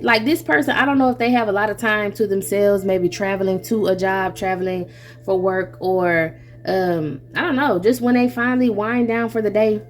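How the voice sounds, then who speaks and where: A woman giving a casual tarot reading, animated and chatty, who laughs often, swears freely and calls the listener baby and honey. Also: mid-range voice, moderate pace, slight background noise. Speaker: tarot reader.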